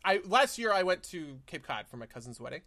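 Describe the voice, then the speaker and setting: A man's voice: sits high, big pitch swings, brisk, sharp tone. A young man from New Jersey co-hosting a casual podcast, talking animatedly and explaining things with examples. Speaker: podcast co-host. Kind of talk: casual chat.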